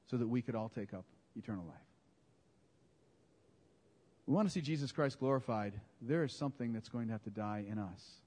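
A man preaching a sermon in a conversational, animated way, often correcting his own words. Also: mid-range voice. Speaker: pastor. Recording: long hall reverb.

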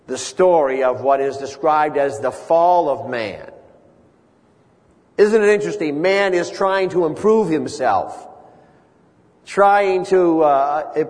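A man delivers an earnest sermon, his voice sitting fairly high. His phrases build into emphatic repetitions. The sound rings with a long reverb, as in a large church sanctuary. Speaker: preacher.

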